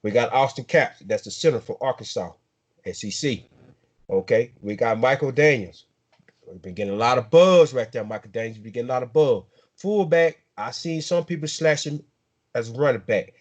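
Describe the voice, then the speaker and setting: A man's voice: mid-range voice, dull audio. A man with a South Georgia accent hosting a casual sports talk show, drawling and repeating his words as he hypes up players. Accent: Southern American, South Georgia. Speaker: sports podcast host.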